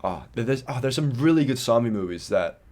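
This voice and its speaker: Lively man with a bouncing voice. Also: mid-range voice, a little fast. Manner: animated, stumbling restarts, playful. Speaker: podcast co-host. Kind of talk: casual chat.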